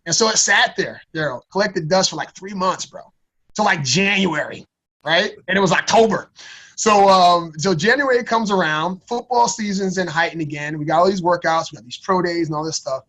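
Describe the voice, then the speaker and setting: A man in his thirties appears as a podcast guest, telling a personal story in a casual, slangy style and often repeating his words. His voice sits high and a bit bright, at a moderate pace.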